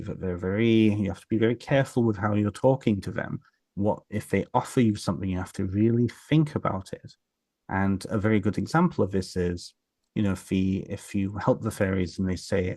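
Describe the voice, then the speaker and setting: A man's voice: deep voice, a little mellow, no room sound. A man, a podcast guest, casually telling folk tales in a rambling way with many fillers and restarts. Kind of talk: casual storytelling in an interview.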